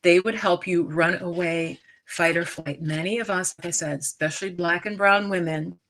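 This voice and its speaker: A woman's voice: fairly low pitch, steady tone, normal speed, a bit bright, slight background noise. A middle-aged woman from the United States giving a chatty, emphatic live-streamed talk on stress as a wellness coach. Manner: chatty and emphatic, frequent asides and restarts. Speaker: stress coach and yoga teacher.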